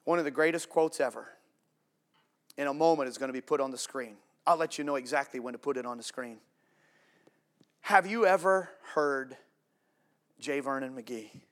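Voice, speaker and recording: A male pastor preaching a sermon to a congregation, swinging from loud emphatic declarations to hushed quiet lines, with casual asides to the room. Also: mid-range voice, moderate pace, pauses often.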